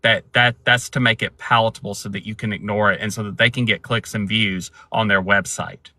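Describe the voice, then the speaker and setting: A man's voice: on the low side, steady tone, fairly quick, sharp tone, no room sound. A man speaking as a guest in a casual discussion, explaining things with frequent fillers and restarts. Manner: explanatory, with many likes and restarts.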